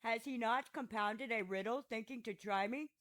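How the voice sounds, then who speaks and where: Woman audiobook reader doing old philosopher on trial, picks apart his accuser, dry ironic questions, a bit high. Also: moderate pace, a bit bright, lightly acted, rough recording. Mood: ironic questioning. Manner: patient, argumentative questioning. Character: aging male philosopher on trial, ironic and probing. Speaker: audiobook narrator. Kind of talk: audiobook reading of a classic dialogue.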